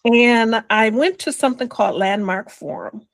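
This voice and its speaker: An older woman telling her personal story as an interview guest, slow and reflective, dropping to a whisper on quoted words. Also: a little high, no room sound, low-quality recording.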